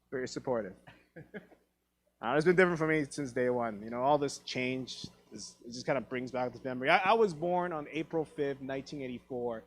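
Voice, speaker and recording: A man's voice: mid-range voice, fast talker. A man in his thirties from Taiwan, performing a stand-up comedy set on a theatre stage, profane and self-deprecating, acting out quoted dialogue. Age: 30s.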